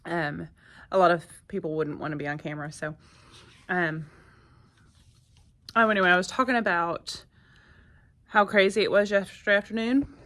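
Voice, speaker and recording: A woman's voice: lowish voice, moderate pace, pauses often, a bit bright. A woman, a first grade teacher chatting casually to her phone camera in her classroom, with lots of fillers and asides. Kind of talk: casual vlog chat.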